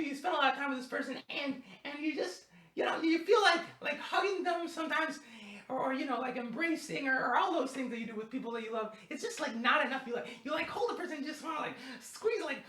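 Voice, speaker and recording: High-voiced giggly young woman musician. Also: fairly bright tone. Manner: giggly, rambling, self-deprecating. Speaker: singer-songwriter performing live. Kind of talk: casual chat between songs on a live stream. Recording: echoey room with guitar.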